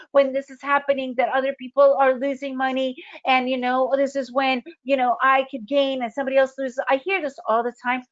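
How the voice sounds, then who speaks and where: A woman's voice: a little high, dull audio. A woman trading educator giving a webinar lesson, emphatic and full of rhetorical questions. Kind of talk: webinar presentation.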